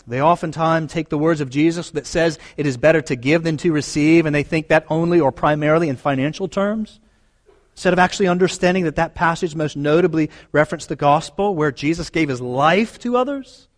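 A man's voice: fairly high pitch, a little fast. A man preaching a sermon as pastor, earnest and emphatic, repeating key phrases for weight. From United States.

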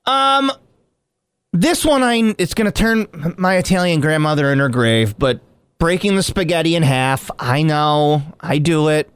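A man co-hosting a casual radio show, joking and reading weather and sponsor spots in an animated way. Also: on the high side, a little slow, smooth, dry recording. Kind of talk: casual morning radio banter and live reads.

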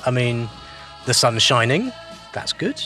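A man's voice: medium pitch, big pitch swings, unhurried, pushed and bright, soft background music. A man co-hosting a podcast, bantering with his co-host and joking with self-deprecating humor. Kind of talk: casual podcast chat.

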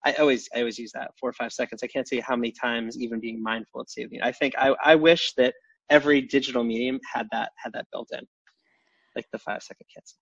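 A man's voice: mid-range voice, steady tone, gravelly, a bit bright, breathy edge, dry recording. Guy on a podcast, lots of restarts and ums, dry muffled sound. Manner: halting, many restarts and fillers. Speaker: podcast guest. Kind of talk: casual interview chat.

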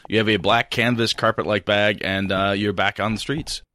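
A man's voice: fairly low pitch, steady tone, moderate pace, pushed and bright, no room sound. Wry game master man narrating.

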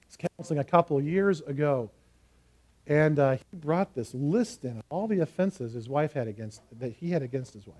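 A man preaching a sermon and teaching a parable, earnest and emphatic, slowing down to stress key phrases. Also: a little high, lively intonation, a little mellow.

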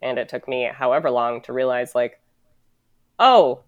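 A woman's voice: very deep voice, flat delivery, a little fast, no echo, lo-fi sound. A woman from the United States in a casual, reflective conversation, rambling and full of "like", swearing now and then.

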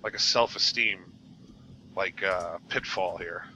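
A man's voice: deep voice, slow, pushed and bright, dull audio, slight background noise. A male podcast guest with a nasal voice, rambling self-consciously in casual chat.

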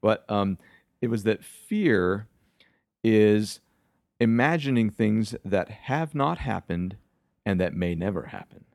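Low, gravelly man, reflective and dry. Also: expressive, a little mellow, no echo. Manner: reflective, halting with restarts. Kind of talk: casual interview chat. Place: music studio.

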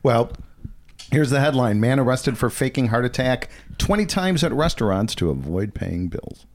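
A man's voice: medium pitch, lively intonation, normal speed. A man co-hosting a podcast, reading odd news stories in a teasing, casual way. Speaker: podcast co-host.

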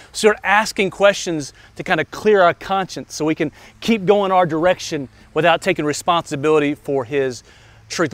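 A man's voice: fairly high pitch, no echo. A man in his forties preaching a sermon, telling a personal story with earnest, emphatic repetition. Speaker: pastor.

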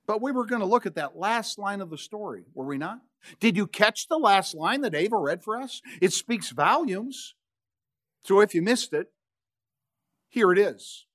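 A man in his sixties, a pastor preaching a sermon, telling the story with dramatic pauses and touches of humor. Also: high-pitched, lively intonation, a bit bright.

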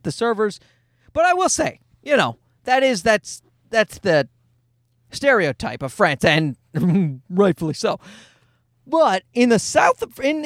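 A man's voice: sits high, no room sound, studio quality. A man in his thirties telling a casual comic story in a sarcastic, profane rant.

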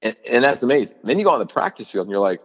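A man's voice: medium pitch, rapid-fire, slightly rough, long reverb tail, dull audio. A man in his forties, a former player and coach, telling stories in an interview, full of fillers and restarts and acting out quotes. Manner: animated storyteller, many fillers and restarts, acts out quotes. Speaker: college football analyst, former player and coach. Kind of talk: podcast interview, storytelling.

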